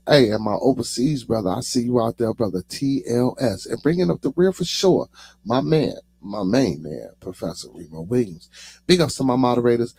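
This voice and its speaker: A man from the United States with a Chicago accent hosts his own podcast, chatting casually with his audience and tacking "man" onto nearly every phrase. His voice is fairly low and a little mellow, in a dry recording.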